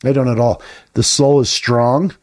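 A man's voice: mid-range voice, fairly even intonation, normal speed, darkish tone. A man co-hosting a podcast, talking bluntly and swearing often, firing off rhetorical questions in casual talk. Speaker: podcast co-host.

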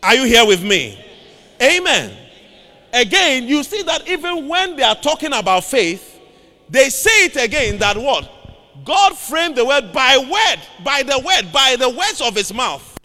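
Man, pastor, sermon, slow delivery, bright voice, long reverb of a large hall. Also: extremely high pitch, big pitch swings. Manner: preaching with call-and-response to the congregation; shouting emphatic lines.

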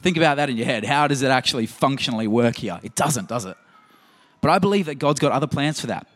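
A man's voice: medium pitch, animated, fast, a bit bright. A man preaching a sermon in a conversational, emphatic way, full of rhetorical questions. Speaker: pastor.

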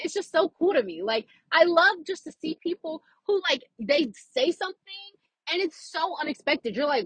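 A woman's voice: high voice, big pitch swings, moderate pace, fairly bright tone, no room sound, poor audio. A young woman, chatting animatedly to camera, full of fillers and laughs. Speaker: vlogger. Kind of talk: casual chat to camera.

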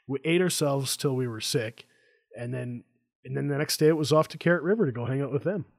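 A man's voice: medium pitch, brisk, gravelly, a little mellow. A man hosting a casual interview over a video call, telling stories and mimicking people. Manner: chatty storyteller, does voices of people. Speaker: podcast host.

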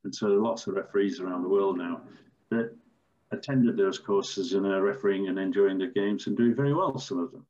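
An older man, a former referee, telling stories in a measured, storytelling way with some fillers. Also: low voice, darkish tone, highs cut off. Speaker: former football referee, podcast guest. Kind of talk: anecdotal interview answers.

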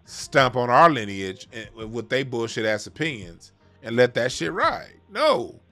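A man in a casual, heated chat, talking in a profane, animated way. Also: mid-range voice, measured pace. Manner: animated, profane, mocks other music with sung sounds.

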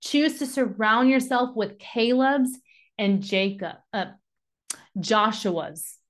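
A woman's voice: a little high, takes it slowly. A woman giving a devotional Bible teaching, reading scripture aloud and then urging listeners on with rising passion. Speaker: devotional podcast speaker.

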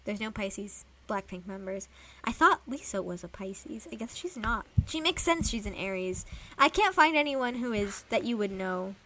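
A young woman chatting casually as a podcast co-host, rambling and animated as she gushes like a fan. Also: medium pitch, normal speed. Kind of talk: casual chat.

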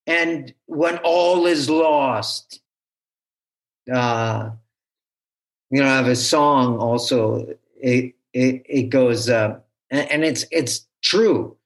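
Slow-talking man, animated guest. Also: on the high side. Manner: animated, halting, restarts often. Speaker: guest teacher. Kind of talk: conversational interview.

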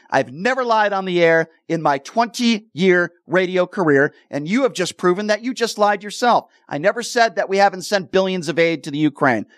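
Man, radio host, high voice, combative, interrupting, dry studio sound. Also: fairly bright tone, dry recording. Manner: combative, interrupting, repeats himself to hold the floor. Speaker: radio talk show host. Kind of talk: heated call-in radio argument. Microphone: studio microphone.

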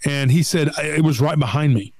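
Middle-aged man, fairly high voice, dry close mic, animated storyteller on a podcast. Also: brisk, dry recording. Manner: animated retelling, acts out quoted voices. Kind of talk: casual storytelling chat.

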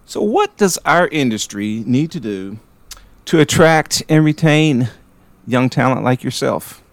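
A man hosting a podcast interview, playful as he quizzes his guest with quick either-or questions. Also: mid-range voice, animated, dry recording. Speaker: podcast host.

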